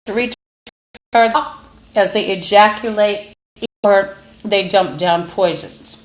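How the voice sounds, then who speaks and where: On a low-quality recording, a woman with a mid-range voice hosts a live stream from her phone, rambling haltingly through a monologue full of fillers. Now and then she breaks into furious, insulting outbursts.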